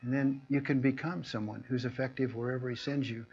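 Man preaching casually, mid-range voice, slips into animated voices for people in his stories; slightly muffled recording. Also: medium pitch, a little fast, gravelly. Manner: storytelling, acts out people's lines in a raised, animated voice. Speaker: pastor. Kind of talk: conversational sermon.

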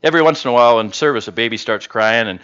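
A man's voice: mid-range voice, racing, dull audio. A man preaching a sermon to his congregation in a casual, conversational way, joking with them as he goes. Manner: humorous, conversational, animated. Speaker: pastor. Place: church service.

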